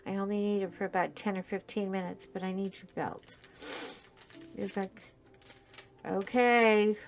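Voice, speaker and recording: This is a woman who tells a story casually as she works on a craft. She rambles, restarts and fills her sentences with "um" and "you know." Her voice sits at an ordinary middle pitch, and faint music plays underneath. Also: moderate pace, creaky. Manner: rambling, animated, with many fillers and restarts. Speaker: crafting channel host.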